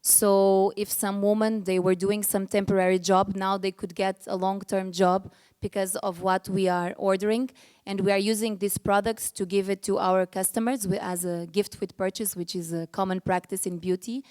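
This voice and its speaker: Panel speaker, woman, middle-aged, earnest, mid pitch, frequent restarts. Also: flat delivery, moderate pace, a little mellow, clean tone. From Portugal. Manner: earnest, restarts often, gets emotional. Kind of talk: panel discussion.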